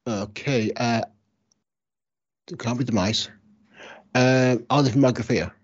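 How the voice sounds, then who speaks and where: A man's voice: mid-range voice, unhurried, dry recording, lo-fi sound. A man co-hosting a podcast, laid-back, answering in short replies. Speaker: podcast co-host. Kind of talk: casual chat.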